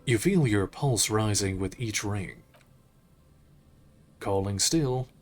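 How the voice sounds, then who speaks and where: A man streaming a game, reading its narration aloud in a measured, unhurried way with occasional slips. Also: fairly low pitch, lively intonation, soft background music.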